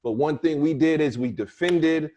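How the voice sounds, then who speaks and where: Male podcast co-host, slightly raised pitch, relaxed interviewer with joking asides. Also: moderate pace. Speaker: podcast co-host, former player. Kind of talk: casual podcast chat.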